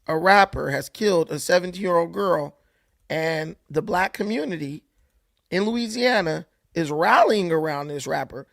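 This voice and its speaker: A man's voice: on the high side, normal speed, gravelly, fairly bright tone, dry recording, clean studio sound. A man hosting an opinion commentary vlog, sarcastic, heated and preachy in tone. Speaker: commentary host.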